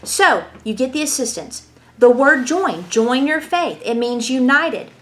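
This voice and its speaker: A woman giving a lively, conversational Bible lesson, telling stories and asking rhetorical questions. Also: high-pitched, a little slow. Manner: animated, storytelling, asks rhetorical questions. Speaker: Bible teacher.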